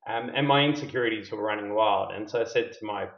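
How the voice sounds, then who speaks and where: A man's voice: lowish voice, fast talker. A middle-aged man tells a self-deprecating personal story as a podcast guest, candid and laughing at himself. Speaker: company founder and CEO, podcast guest. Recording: roomy, slightly dull podcast audio.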